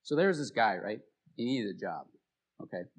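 A man's voice: lowish voice, big pitch swings, normal speed. A man preaching a sermon as a pastor, telling stories in a casual, conversational way.

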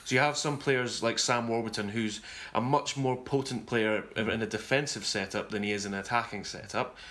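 A man hosting a rugby discussion, talking in a measured, thoughtful way and sometimes correcting himself mid-sentence. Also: lowish voice, fairly even intonation, pushed and bright. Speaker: rugby podcast host. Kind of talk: casual sports discussion. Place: touring abroad covering a series.

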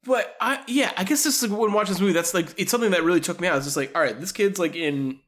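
A man's voice: high voice, fast, fairly bright tone. A man co-hosting a podcast in casual chat, hesitant, leaning on "like" and trailing off. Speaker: podcast co-host.

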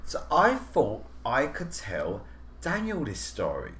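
A man's voice: mid-range voice, huge pitch swings, slow pace, sharp tone, reverberant. A man co-hosting a comedy podcast, playfully setting up a bit. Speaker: podcast co-host. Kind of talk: casual comedic chat.

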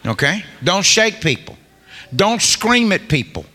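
A man's voice: high-pitched, big pitch swings, a little slow, sharp tone, in a large hall. A man preaching a humorous sermon as a guest preacher, telling colloquial, joking stories to a congregation.

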